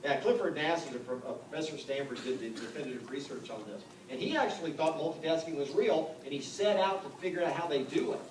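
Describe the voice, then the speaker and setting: A man's voice: on the high side, lively intonation, fast talker, few pauses. A man in his fifties, a real estate coach giving a live seminar talk to an audience, conversational and joking, full of rhetorical questions. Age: 50s. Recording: echoey room, distant mic, noticeable background noise.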